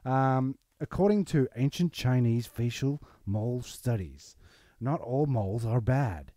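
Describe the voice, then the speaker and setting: A man's voice: medium pitch, animated, unhurried, warm tone, dry recording. An Australian man co-hosting a podcast, rambling through casual banter and reading out facts. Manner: rambling, reads out mole facts. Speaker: podcast co-host.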